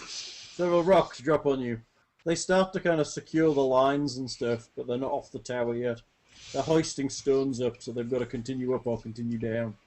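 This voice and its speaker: A man running a tabletop game as game master, narrating events in a brisk, matter-of-fact way over online voice chat. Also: mid-range voice, steady tone, darkish tone.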